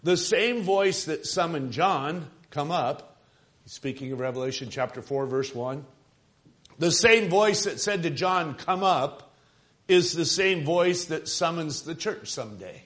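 A man preaching with a somewhat high voice. He presses key phrases, swells and drops his volume, and checks in with the congregation as he goes. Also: lively intonation, a little slow, fairly bright tone. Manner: emphatic, rising and falling for emphasis, calls out to the congregation. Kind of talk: sermon.

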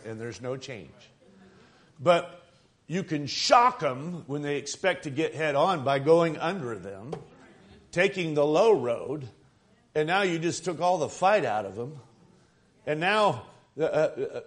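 A male minister preaching an earnest sermon, asking the congregation questions. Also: on the high side.

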